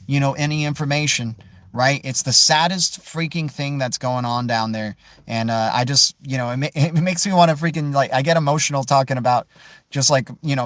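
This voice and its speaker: A man hosting a casual crypto livestream, answering viewer questions in an animated, emphatic way and tossing in "dude" and "man". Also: mid-range voice, no room sound. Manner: animated, peppers speech with "right?", "dude" and "man"; emphatic, swears mildly for emphasis.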